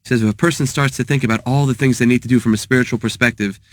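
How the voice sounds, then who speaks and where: A man, a therapist and author, talking in a thoughtful, halting way and mixing in Hebrew terms. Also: mid-range voice, steady tone, no echo, studio quality. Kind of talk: casual talk with teaching.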